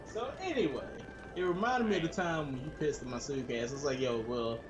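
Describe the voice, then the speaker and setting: A man's voice: mid-range voice, a little fast, background noise. A man co-hosting a gaming stream, chatting casually and animatedly, often slipping into mock accents and voices. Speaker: gaming channel co-host. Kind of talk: casual chat while streaming a game. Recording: echoey room with loud game music.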